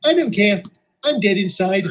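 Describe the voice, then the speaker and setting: A man voicing an excitable young male train engine in a jumpy, eager way. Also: high-pitched, moderate pace, a little hiss or hum. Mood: excited.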